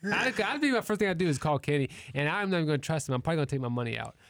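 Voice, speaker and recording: A man in his thirties chatting casually on a podcast, telling animated stories about his kids and acting out family members in raised voices. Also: on the high side, rapid-fire, dry recording, studio quality. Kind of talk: casual chat.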